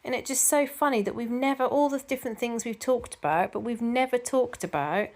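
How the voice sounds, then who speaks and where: A woman's voice: a little high, a little fast, darkish tone. A middle-aged woman chatting casually to camera as a vlogger, reading out viewer comments in a rambling way with frequent ums and restarts.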